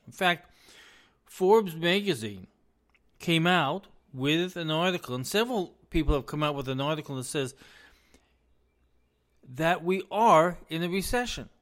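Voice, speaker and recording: A man hosting a solo commentary, folksy and relaxed at first, then insistent and heated about the economy. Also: on the high side, normal speed, pauses often. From US East Coast. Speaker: business administrator, commentary host. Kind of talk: opinionated commentary.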